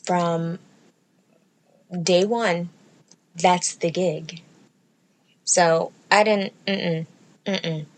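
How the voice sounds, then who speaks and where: A woman's voice: on the low side, steady tone, extremely slow, pauses often. Blunt, profane woman in casual chat. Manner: blunt and profane, bursts of loud laughter. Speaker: podcast co-host.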